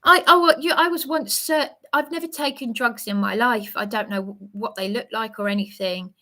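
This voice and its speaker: A woman's voice: on the high side, normal speed, pushed and bright. An agitated woman speaking in a rambling livestream monologue, often stammering and restarting her sentences.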